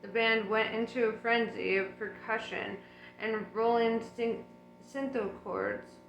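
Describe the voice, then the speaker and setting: Slow, relaxed woman reading a story. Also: on the high side, roomy sound, soft background music, poor audio. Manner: unhurried, relaxed, chatty asides. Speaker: audiobook reader. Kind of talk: casual audiobook reading.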